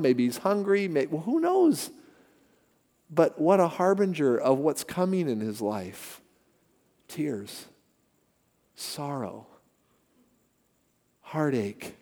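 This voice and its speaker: An older man preaching a sermon, telling stories with emphatic repetition. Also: sits high. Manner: animated storytelling with emphatic repetition. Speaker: pastor. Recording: long reverb of a large hall.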